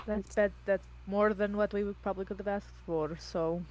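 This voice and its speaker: A woman player in a live-streamed tabletop game, animated and joking, swearing freely. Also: medium pitch, normal speed, a little hiss or hum.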